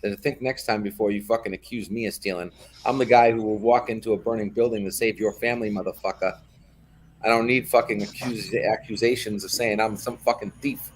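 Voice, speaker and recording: A man's voice: fairly low pitch, fairly even intonation, fairly quick, slight background noise. A man telling a heated story in casual chat on a live online show, swearing often.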